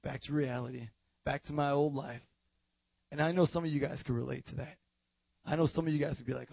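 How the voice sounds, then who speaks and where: A man's voice: medium pitch, steady tone, fairly quick, creaky, long pauses, husky, no room sound, dull audio. A young adult man preaching at a podium, giving his testimony in a casual, slangy way that builds to fervent. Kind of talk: sermon testimony. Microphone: podium mic.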